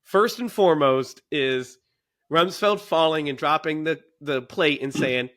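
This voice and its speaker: A man in his thirties co-hosting a casual movie podcast, animated and laughing often as he recounts scenes. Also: fairly high pitch, unhurried. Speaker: podcast co-host.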